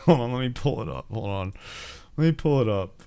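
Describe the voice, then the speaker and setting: A man's voice: medium pitch, expressive, normal speed, vocal fry, warm tone, clean tone. A man in his forties from the United States, hosting a casual entertainment news chat, rambling and swearing with frequent laughs. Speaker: host.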